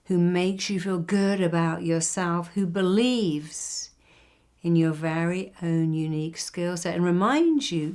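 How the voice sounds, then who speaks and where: An older woman therapist giving a motivational talk. She tells stories and slows down to stress the key phrases. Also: on the low side, a little mellow.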